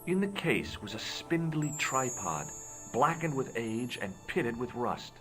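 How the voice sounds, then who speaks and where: Sarcastic American adventurer, lively pitch, dry wit, soft music behind. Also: male voice, measured pace. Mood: narrating. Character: wry young American male adventurer. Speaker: game protagonist and narrator. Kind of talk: game voice acting. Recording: game audio with soft music.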